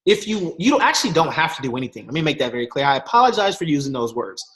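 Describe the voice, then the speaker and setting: Slangy, animated man giving a pep talk. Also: on the high side, rapid-fire. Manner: animated storytelling with voiced quotes, slangy. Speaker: guest speaker. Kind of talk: motivational talk.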